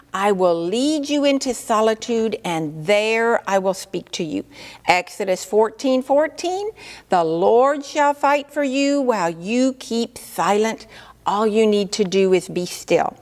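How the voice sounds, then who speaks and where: A woman teaching on prayer in a church, telling a story in a lively way and acting out the voices of the people in it. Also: a little high, unhurried, big-room sound. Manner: lively, acts out quoted voices. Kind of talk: sermon storytelling.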